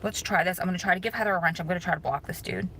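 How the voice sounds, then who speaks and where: A woman talks rapid-fire in a lowish voice with vocal fry, hosting a casual live stream from a car parked in a store lot. She chats and reacts to viewer comments on her phone against background noise.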